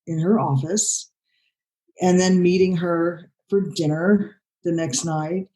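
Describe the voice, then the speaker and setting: An older woman director talks through her work in a relaxed interview. Her voice sits low and warm. She meanders, restarts her sentences and leans on "you know" constantly. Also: low-quality recording. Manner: rambling, many "you know" fillers and restarts. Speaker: film director, interview guest. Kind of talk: conversational interview.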